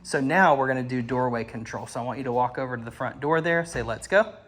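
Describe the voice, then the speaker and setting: A man working as a dog trainer, coaching an owner outdoors with calm instructions and frequent praise. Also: mid-range voice, quick pace. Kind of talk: hands-on coaching. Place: outdoors at a house doorway and yard.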